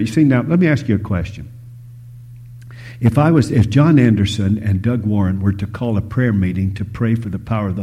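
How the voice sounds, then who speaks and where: A man preaching a sermon, shifting between loud emphasis and hushed whispers, telling stories and asking the audience questions. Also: on the low side, husky. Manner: storytelling, asks the audience questions.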